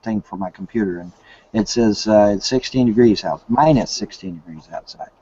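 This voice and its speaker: A man's voice: lowish voice, moderate pace, warm tone, husky, no room sound. A man, talking rambling and hesitant in casual chat on a video call from his home. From Kentucky, USA. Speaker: live hangout host. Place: home in the woods. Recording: dull lo-fi call audio.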